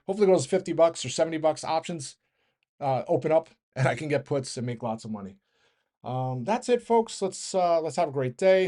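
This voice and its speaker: A man's voice: on the high side, dark tone. A man hosting a stock market show, delivering a casual, rambling rant, often correcting himself and laughing. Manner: rambling, self-correcting, fast train of thought.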